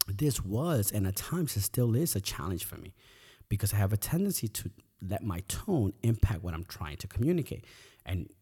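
A man's voice: fairly low pitch, sing-song, moderate pace, warm tone, husky. A middle-aged man hosting a podcast, talking earnestly and reflectively, often repeating words as he thinks. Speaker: podcast host. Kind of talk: reflective personal talk.

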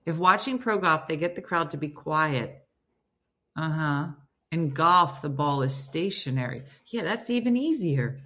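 A chatty woman host, reading viewer comments aloud and spinning her own stories around them. Her voice is bright and clear, and her pitch rises and falls all over the place. She sits a little low for a woman. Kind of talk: casual live-stream chat.

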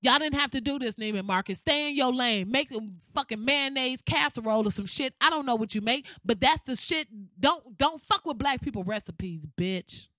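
A woman's voice: sits high, animated, moderate pace, hardly any pauses, pushed and bright, dry recording, studio quality. A woman ranting in exasperated, profane comic style with rhetorical questions. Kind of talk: comedic rant.

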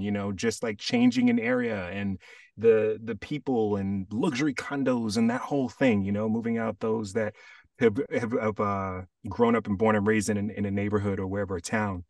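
A man from Jamaica, an actor guest chatting casually on a podcast, telling stories in a relaxed way with animated asides. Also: on the low side, no room sound, studio quality, far from the mic.

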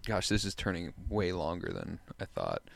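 A man's voice: deep voice, huge pitch swings, vocal fry, no echo. A man in his twenties, stoned, telling a long casual story with lots of profanity and funny impressions. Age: 20s. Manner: laid-back, profane, drawn-out storytelling with impressions. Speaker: podcast host telling a story.

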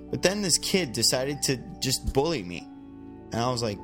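A man's voice: medium pitch, brisk. A young man co-hosting a podcast, spinning a long, rambling story in a loose, chatty way. He acts out the lines of the people in his tale as he goes. Faint music sits under his voice. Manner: rambling, animated storyteller who acts out quotes. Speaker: podcast co-host telling stories. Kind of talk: casual podcast chat.

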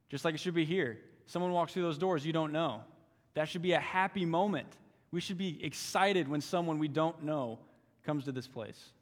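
A man's voice: fairly high pitch, long reverb tail. A young man giving a sermon as a youth intern, earnest and fond of repeating phrases for emphasis. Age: young adult. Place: church sanctuary.

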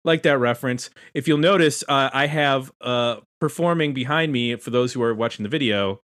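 A man's voice: medium pitch, moderate pace, a bit bright. A man hosting a casual podcast roundtable, chatty and self-deprecating as he introduces guests. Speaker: podcast host.

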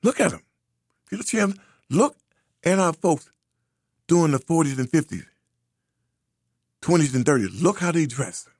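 A man from the United States delivering an impassioned commentary. His voice is gravelly and a little husky, and his pitch swings widely as he drives home his points with preachy, repeated phrases. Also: no echo, studio quality. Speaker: social commentator.

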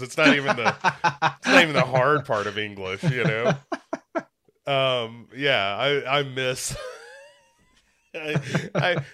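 A man's voice: mid-range voice, pushed and bright. A slightly congested young man chatting casually as a podcast co-host, rambling and joking at his own expense. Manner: rambling, self-mocking, with many restarts. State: a little congested. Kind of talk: casual chat.

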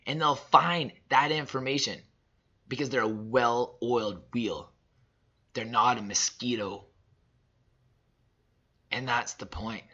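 Guy in his 30s preaching about self-worth, husky edgy voice, kinda muffled recording, hammers the same points over and over. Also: medium pitch, takes it slowly, long pauses. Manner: emphatic and repetitive, drops from loud to soft. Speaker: father sharing reflections. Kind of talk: personal motivational monologue.

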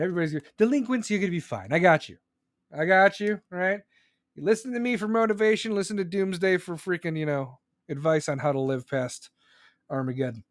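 Male podcast host, high voice, rambling profane rant, dry close mic. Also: dry recording. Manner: loud, profane and rambling, with sudden pitch jumps. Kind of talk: live podcast venting monologue. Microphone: close studio microphone.

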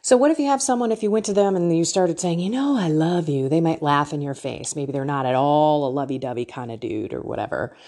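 Middle-aged woman, faith talk host, animated pitch, slightly husky voice, candid and emotional. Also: fairly quick, hardly any pauses. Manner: emotional, candid, storytelling with quoted dialogue. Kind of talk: personal faith talk to listeners.

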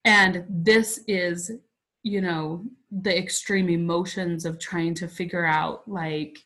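A woman's voice: fairly low pitch, steady tone, slow pace, fairly bright tone, rough recording. A woman in her forties, a podcast guest, telling a personal story in a chatty, emotional way with many "like" fillers. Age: 40s.

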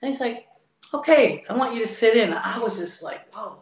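A woman's voice: on the high side, fairly quick. A woman blues guitarist telling stories in an interview, acting out the people she quotes. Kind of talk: casual storytelling interview. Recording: roomy, dull lo-fi sound.

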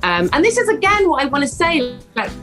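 A woman, a podcast guest talking in a lively, emotional, animated way. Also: sits high, fairly quick, soft background music, rough recording. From West Wales. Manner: animated, emotional, acts out voices in stories. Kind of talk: casual podcast chat.

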